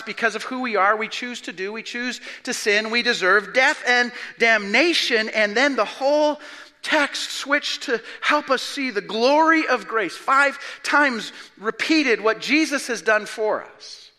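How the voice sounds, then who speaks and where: Pastor, male, high and sharply bright tone, emphatic sermon delivery with hushed drops, reverberant sanctuary. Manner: emphatic, swings from loud declarations to hushed low asides. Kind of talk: expository sermon.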